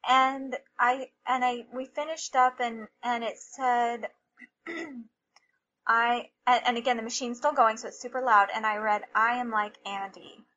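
A middle-aged woman telling a personal story as a mother, emotional and halting, with many restarts. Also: on the high side, fairly even intonation, sharp tone, muffled recording.

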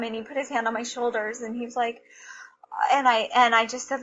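A middle-aged woman telling a personal story as a mother, emotional and halting, with many restarts. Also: fairly high pitch, little pitch movement, a bit bright, lo-fi sound, a little hiss or hum.

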